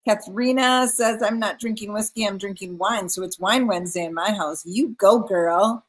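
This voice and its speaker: A woman's voice: mid-range voice, moderate pace, few pauses. A woman hosting a live craft stream, chatting casually and reading viewer comments aloud. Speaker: craft livestream host. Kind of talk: casual livestream chat.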